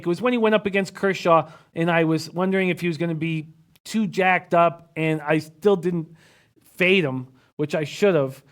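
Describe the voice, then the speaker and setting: A man's voice: high voice, a bit bright. A man hosting a casual sports betting livestream, chatting through his picks and reading viewer comments aloud. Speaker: sports betting analyst host.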